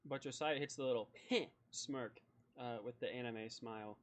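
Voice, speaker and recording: A man narrating as game master, describing scenes in a calm, even way. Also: medium pitch, moderate pace, slight background noise.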